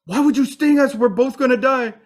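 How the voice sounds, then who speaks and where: A man voicing a kindly male goose in a spoken parable, reassuring and quick. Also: on the high side, steady tone, natural voice. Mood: alarmed.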